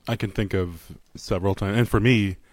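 A man's voice: fairly low pitch, fairly even intonation, normal speed. A man co-hosting a faith podcast, reflective and earnest as he shares a personal story. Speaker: podcast co-host. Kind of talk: casual podcast chat.

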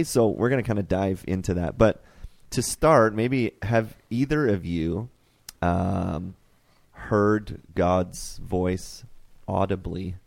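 A man hosting a casual faith podcast, animated and rambling, laughing often. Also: fairly low pitch, slow pace, creaky, dry recording. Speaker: podcast host.

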